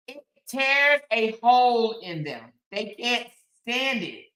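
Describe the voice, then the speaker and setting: Female host, sassy and emphatic, bright voice in a roomy space. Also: a little high, very animated, slow. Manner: sassy, emphatic, talks back to chat. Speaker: commentary show host. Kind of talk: casual commentary stream.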